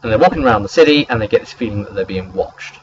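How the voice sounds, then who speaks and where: A man's voice: lowish voice, lively intonation, very fast, muffled recording, a little hiss or hum. A man recapping a tabletop game session as its game master, rambling along with plenty of hesitant fillers.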